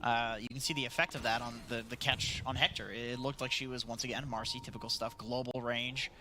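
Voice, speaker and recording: A man giving relaxed analytical color commentary on an esports match, with lots of fillers and easy laughter. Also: mid-range voice, fairly quick, noisy background.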